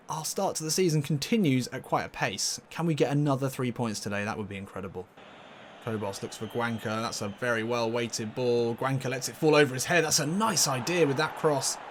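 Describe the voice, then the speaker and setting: A man commentating casually on his own football video game match, getting loudly excited and laughing at near misses. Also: medium pitch, slight background noise. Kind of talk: casual let's-play commentary.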